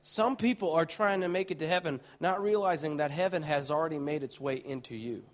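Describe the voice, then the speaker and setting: A male preacher with a slightly high voice speaks briskly as he tells a vivid vision story in a sermon. He's excitable, full of restarts, and swings between hushed tones and shouts.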